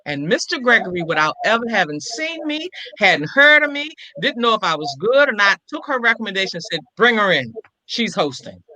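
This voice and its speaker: An older woman, a comedian and impressionist, telling a story in an interview and acting out every quoted line with lively shifts in voice. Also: on the high side, fairly quick, hardly any pauses, no echo, rough recording.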